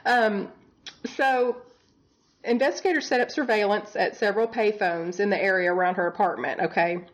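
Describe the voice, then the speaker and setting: A woman's voice: medium pitch, normal speed, dull audio. A woman who works as a bedside nurse, co-hosting a casual true-crime chat and telling the case with exasperated humor and frequent laughter. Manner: chatty, exasperated, laughs often. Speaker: podcast co-host.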